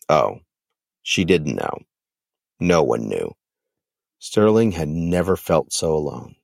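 A man hosting a podcast and narrating a story in an expressive, dramatic manner. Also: extremely low pitch, slow, gravelly, pauses often, no room sound, clean studio sound. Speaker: podcast host.

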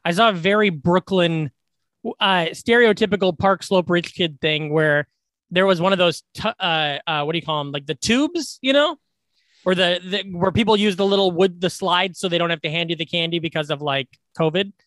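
A man's voice: high voice, normal speed, fairly bright tone, dry recording. A man co-hosting a podcast, chatting casually and rambling through stories with lots of restarts. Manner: rambling storyteller with many restarts. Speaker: podcast co-host. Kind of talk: casual chat.

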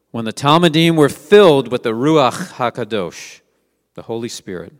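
A man's voice: medium pitch, in a large hall. A man preaching a sermon, reading scripture aloud and asking his listeners rhetorical questions in a conversational way. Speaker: Messianic teacher.

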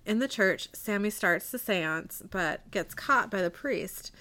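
A woman's voice: mid-range voice, lively intonation, a little slow, bright, forceful tone. A woman co-hosting a casual chat who retells a TV episode scene by scene and reads the characters' lines in her own voice, often breaking into giggles. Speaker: podcast co-host recapping a TV episode.

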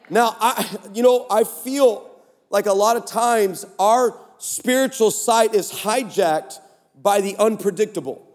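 A man preaching a sermon at a conference, telling stories and building to shouts. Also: sits high, normal speed. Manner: storytelling, animated, rising to shouts. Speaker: pastor. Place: conference stage in a large hall. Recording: echoey large hall.

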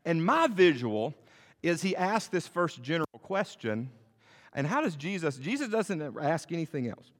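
A middle-aged male pastor preaching a sermon, swinging between loud and soft and asking the congregation rhetorical questions. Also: fairly high pitch, very animated, moderate pace, in a large hall.

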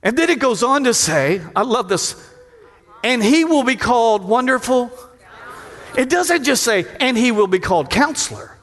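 A middle-aged man preaching a sermon, calling out to the congregation for responses and acting out voices with sudden shouts. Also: very animated, normal speed. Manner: acts out quoted voices with big pitch jumps and shouts. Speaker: pastor. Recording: long hall reverb.

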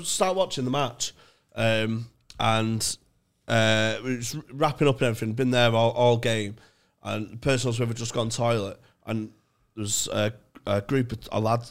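A young man, co-hosting a comedy podcast and telling an animated story, acting out what others said. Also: mid-range voice. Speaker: podcast co-host. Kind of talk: casual banter.

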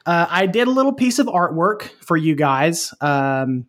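Higher-voiced man cracking self-mocking jokes. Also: very animated, a little slow, fairly bright tone. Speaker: podcast guest. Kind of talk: casual panel chat.

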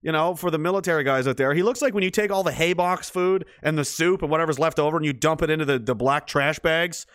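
A man's voice: a little high, fast, few pauses, fairly bright tone, no echo, studio quality. A man ranting sarcastically and swearing freely, reading and answering his chat in a livestream.

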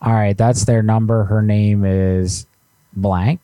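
A man's voice: fairly low pitch, little pitch movement, slow pace, warm tone, dry recording. A man hosting a live prank call show, rambling and teasing his co-host in a joking way. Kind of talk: casual live-stream banter.

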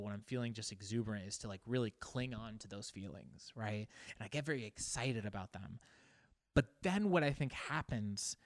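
Smooth-voiced man musing aloud. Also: mid-range voice, no echo, studio quality. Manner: musing, searching for words aloud. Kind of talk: casual reflective monologue.

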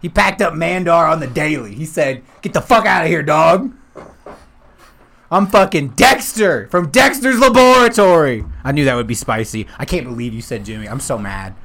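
A man's voice: a little high, animated, normal speed, vocal fry, a bit bright. A young man co-hosting a podcast, bantering and arguing playfully, laughing often. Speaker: podcast co-host. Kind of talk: casual banter.

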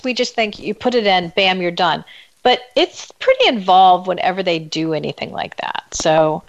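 A woman's voice: fairly low pitch, expressive, normal speed. Woman host, upbeat, agreeable, casual chat. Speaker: podcast host.

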